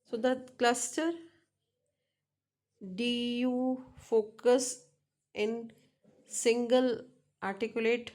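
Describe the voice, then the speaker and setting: Woman teaching phonetics, really slow and halting, kinda high voice, says example words again and again. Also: level tone, a little mellow. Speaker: English teacher. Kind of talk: phonetics lesson explaining examples.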